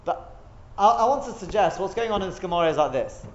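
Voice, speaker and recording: A man's voice: high-pitched, expressive, fast, lo-fi sound. A man teaching a Talmud class, explaining step by step, thinking aloud and asking rhetorical questions.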